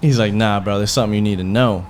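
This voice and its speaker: A man's voice: on the low side, quick pace, a little hiss or hum. A man hosting a podcast, telling a heated personal story in a rambling, profane way, full of quoted back-and-forth. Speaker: podcast host. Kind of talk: casual storytelling.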